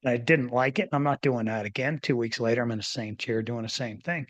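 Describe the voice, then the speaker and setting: A man's voice: medium pitch, fast, dry recording, lo-fi sound. Rambling older man telling a story. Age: 50s or older. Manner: animated, rambling with many restarts and fillers. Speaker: podcast host, former physician. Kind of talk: casual interview storytelling.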